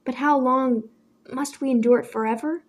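A woman's voice: high-pitched, fairly even intonation, normal speed, pitched above the performer's own voice. A woman voicing a hot-tempered teenage boy who speaks rudely and with passion. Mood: impassioned. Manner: rude, passionate, defiant.

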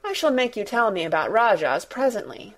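A woman's voice: medium pitch, sing-song, fairly quick. A woman voicing a spoiled, imperious invalid boy who speaks in a commanding, haughty way. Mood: curious.

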